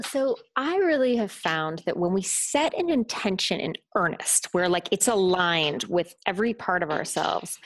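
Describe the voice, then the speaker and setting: A woman in her late thirties, a guest telling a personal story with lively energy and acting out other people's voices. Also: fairly low pitch, slight background noise. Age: late 30s.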